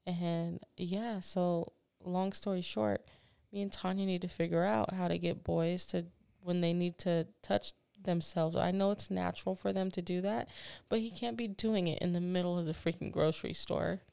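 Podcast lady, low gravelly voice, animated storyteller, dry sound. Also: normal speed, no room sound. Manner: animated storytelling, acts out voices, laughs often. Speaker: podcast co-host. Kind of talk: casual chat.

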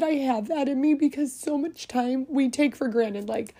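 A woman's voice: sits high, moderate pace, mellow. A middle-aged woman hosting a podcast, speaking heartfelt and getting choked up as she pays tribute. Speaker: podcast host. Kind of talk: personal tribute monologue.

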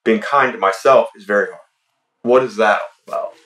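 A man who is a podcast guest, speaking in a relaxed, reflective way and often softly. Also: lowish voice, a little fast, recorded from a distance. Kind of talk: casual podcast conversation.

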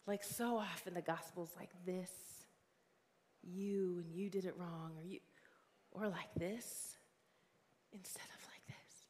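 A woman's voice: fairly low pitch, fairly even intonation, slow pace, darkish tone. A woman in her forties preaching a sermon as a guest speaker. She is conversational and earnest, with plenty of fillers. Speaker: guest preacher and youth ministry leader. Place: church sanctuary. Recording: long hall reverb.

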